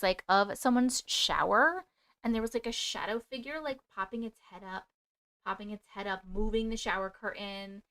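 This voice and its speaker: On a casual livestream, a woman reads viewers' stories and talks back to their comments, occasionally singing fragments of songs. Her voice sits on the high side with a fairly bright tone.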